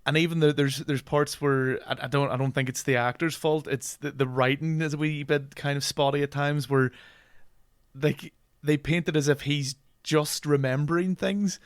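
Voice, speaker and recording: A man co-hosting a casual film podcast. He talks in halting bursts with lots of restarts and frequent laughter. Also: a little high, steady tone, smooth, dry recording, clean studio sound. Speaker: podcast co-host.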